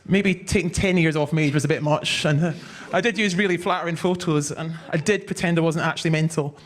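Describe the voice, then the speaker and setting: A woman's voice: deep voice, brisk. A woman doing stand-up, with dry, wry self-deprecating humor. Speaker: stand-up comedian. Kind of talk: stand-up comedy.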